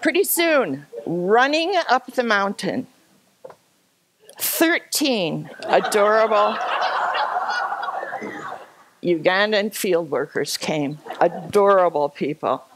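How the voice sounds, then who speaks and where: A woman telling an animated, self-deprecating personal story at a church gathering, laughing often. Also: mid-range voice, takes it slowly, pauses often, very noisy. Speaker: speaker sharing a personal story. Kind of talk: storytelling talk with slides.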